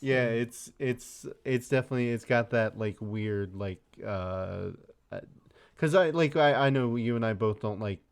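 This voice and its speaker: A man co-hosting a podcast in relaxed casual chat, speaking haltingly with many filler words. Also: mid-range voice, clear, resonant tone. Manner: laid-back, halting, leans on filler words. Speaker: podcast co-host.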